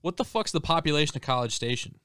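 A man's voice: on the high side, fast talker, clean tone, no room sound. A young man co-hosting a podcast, chatting loosely and profanely among friends. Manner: loose, profane, animated storytelling. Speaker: podcast co-host. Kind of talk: casual chat.

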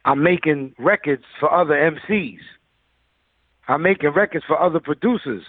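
A man's voice: on the high side, normal speed, dry recording. A man who is a music producer, telling stories loosely in a casual interview, full of fillers. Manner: loose, filler-heavy storyteller. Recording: tinny phone-like line.

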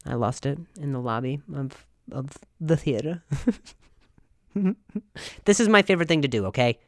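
A man hosting a comedy podcast, delivering an animated, mock-serious monologue full of stammers and restarts. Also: medium pitch, moderate pace, dry recording. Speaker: podcast host.

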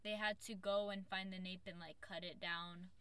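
A woman's voice: on the low side, fairly even intonation, normal speed, sharp tone, clear, resonant tone. A woman recapping an anime episode in casual chat, rambling with many fillers. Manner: loose, filler-heavy storytelling with lots of "like".

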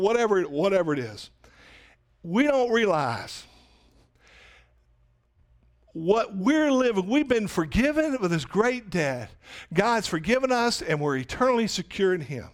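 A man preaches a sermon in a loose, conversational way. He keeps turning to his listeners with rhetorical questions. His speaking voice sits notably high for a man. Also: lively intonation, normal speed. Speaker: pastor.

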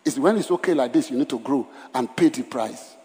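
A man's voice: mid-range voice, expressive, fairly quick, darkish tone. A male pastor preaching a dramatic sermon at a church service, repeating lines for emphasis and acting out scenes. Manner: dramatic, acts out Bible scenes in voices; emphatic repetition. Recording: long hall reverb.

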